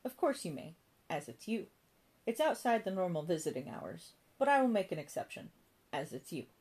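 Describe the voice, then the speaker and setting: A woman's voice: on the low side, very animated, moderate pace, darkish tone, slightly rough, full character voice. A woman reading a storybook voicing a prim, haughty and flirtatious woman behind an admissions desk. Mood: flirty.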